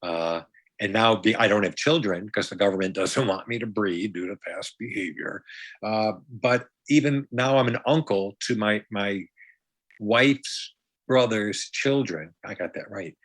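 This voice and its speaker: A man's voice: fairly low pitch, measured pace, fairly bright tone, dry recording. A man from upstate New York, a comedian and magician talking as a podcast guest, rambling and joking with frequent restarts. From Brighton, Rochester, New York. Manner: rambling, jokey, with many restarts and playful asides. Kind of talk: casual conversation.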